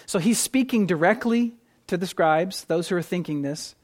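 Preacher mid-sermon; emphatic, shifts between punchy stresses and hushed asides, restarts phrases with repeated words. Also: mid-range voice, normal speed. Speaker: pastor.

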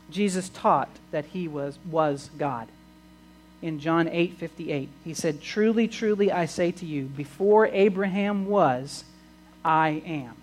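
A man's voice: high voice, slight background noise, poor audio. Stammering preacher man, emphatic bursts. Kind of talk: sermon.

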